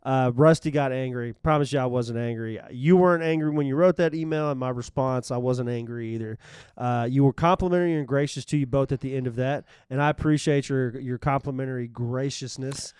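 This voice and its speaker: Podcast co-host, man, blunt and energetic, rambles; smooth voice, mid pitch. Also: a little fast, no room sound, studio quality. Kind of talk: casual podcast chat.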